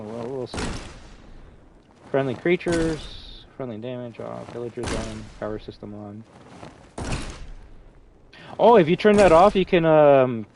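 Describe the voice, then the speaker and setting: Speaking slowly and expressively with long pauses, a male streamer hosting a game lobby chats casually with a friend and viewers. His medium-pitched voice is a little mellow, and he rambles with many restarts, fillers and free swearing. There is slight background noise.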